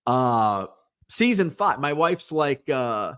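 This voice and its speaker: Lively, rambling man hosting a podcast. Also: mid-range voice, takes it slowly, smooth. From Illinois. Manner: rambling, lots of fillers and asides. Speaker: podcast host. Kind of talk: casual live-show chat, reading viewer comments.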